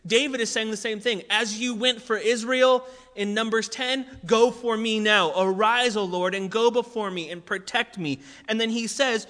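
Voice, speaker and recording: A man with a high, bright voice preaching a sermon. He talks in a relaxed, conversational way, repeating short phrases for emphasis. His voice rings out in a long hall reverb. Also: normal speed. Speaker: pastor.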